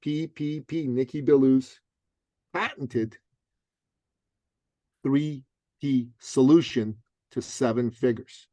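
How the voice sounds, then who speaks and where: A middle-aged man, an author and business coach, telling a punchy, animated story as a guest in an interview. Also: medium pitch, slow pace, long pauses, no room sound, lo-fi sound. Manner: lively, punchy, acts out other people's voices.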